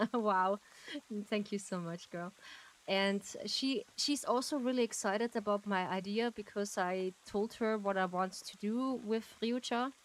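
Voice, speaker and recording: A woman's voice: medium pitch, takes it slowly, low-quality recording. A woman streaming a game, chatting casually and gushing with frequent giggles as she thanks her chat. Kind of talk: casual live-stream chat while gaming.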